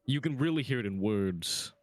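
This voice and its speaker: A man's voice: mid-range voice, moderate pace, no echo. A young man co-hosting a podcast in casual chat, slurring a lot of his words. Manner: slurs words, relaxed. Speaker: podcast co-host.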